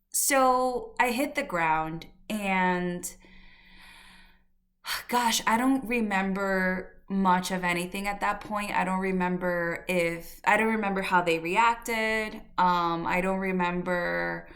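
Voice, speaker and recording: A woman's voice: fairly low pitch, a bit bright. A woman podcast host telling a personal story in a candid, reflective way, with fillers and restarts. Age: adult.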